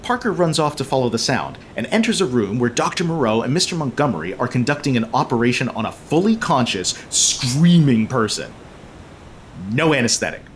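Sarcastic man with a very lively voice. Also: medium pitch, fairly quick, a little hiss or hum. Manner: sarcastic, joking asides, swearing. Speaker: podcast host. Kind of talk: casual comedic movie recap.

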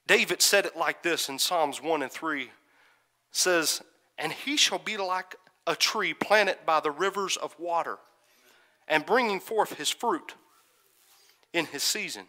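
A man preaching a sermon, moving from quiet storytelling to loud, fervent calls and asking the congregation for an "Amen". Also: on the high side, measured pace, long pauses. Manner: builds from soft musing to shouted fervor, calls "Amen?".

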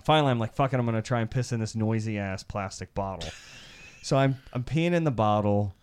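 A man from Iowa co-hosting a podcast, telling a crude, animated hunting story and laughing as he talks. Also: on the low side, a little fast, clear, resonant tone. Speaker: podcast co-host. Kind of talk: crude storytelling among friends.

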